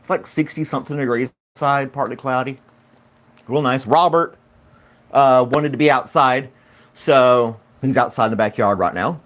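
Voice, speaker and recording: A man's voice: medium pitch, normal speed, fairly bright tone. A man hosting a casual morning livestream, chatty and rambling, greeting viewers by name and laughing often. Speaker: podcast host.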